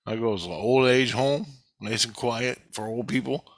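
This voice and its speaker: A man's voice: mid-range voice, normal speed, no room sound. A man telling a rambling, agitated, profanity-filled story about his own experiences and acting out what others said to him in his own voice. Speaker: vlogger recounting experiences. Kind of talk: rambling first-person story.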